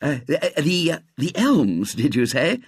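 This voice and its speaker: A man reading aloud and voicing an excitable, flustered young man who stammers and exclaims. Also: high voice, fairly quick, slightly rough, no echo, clean studio sound, pitched above the performer's own voice, exaggerated voice. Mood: eager.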